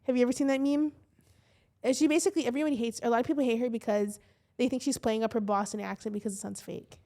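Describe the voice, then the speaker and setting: A woman's voice: fairly high pitch, fairly even intonation, fast, warm tone. A woman with a Midwestern American accent co-hosting a podcast, telling gossip in a rambling, swear-heavy way. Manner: swears freely, rambling storytelling with lots of fillers. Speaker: podcast co-host. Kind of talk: casual chat.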